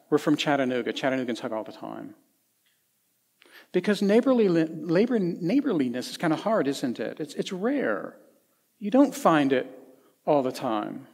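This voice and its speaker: A middle-aged man from Tennessee, preaching a sermon in a conversational storytelling way with folksy asides, swinging between lively and hushed. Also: on the high side. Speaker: pastor. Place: church sanctuary. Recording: long church hall reverb.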